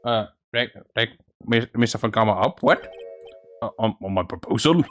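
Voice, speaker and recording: A man's voice: on the low side, lively intonation, normal speed, fairly bright tone, faint music behind, pitched below the performer's own voice. A man voicing a flustered elderly male judge in a courtroom game, hesitant and stammering.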